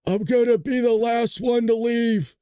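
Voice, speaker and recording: A man imitating a male army officer from a war film, slow and solemn. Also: very high voice, fairly even intonation, dark tone, clear, resonant tone, no echo, studio quality, pitched above the performer's own voice. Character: grim male army officer making a vow.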